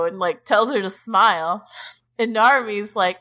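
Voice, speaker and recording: Young woman podcast co-host, lively sarcastic recap voice with a casual, filler-heavy delivery. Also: mid-range voice, normal speed. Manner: animated, frequent "like", sarcastic swearing.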